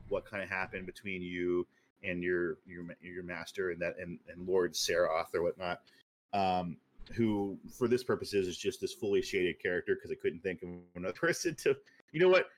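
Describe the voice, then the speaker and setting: A podcast co-host with a fairly low male voice, chatting casually. He rambles, circling back with fillers and restarts as he lays out an idea. His delivery stays loose and conversational. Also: moderate pace, a little hiss or hum. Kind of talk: casual chat.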